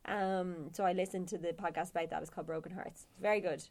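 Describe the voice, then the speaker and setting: A woman's voice: fairly low pitch, steady tone, fast, darkish tone. A woman co-hosting a podcast in casual chat, rambling on and laughing easily. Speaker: podcast co-host.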